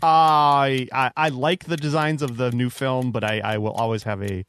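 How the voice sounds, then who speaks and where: A man co-hosting a casual podcast who also handles the audio, talking in a halting way. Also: mid-range voice, fairly even intonation, fairly bright tone, clean tone. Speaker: podcast co-host and audio editor.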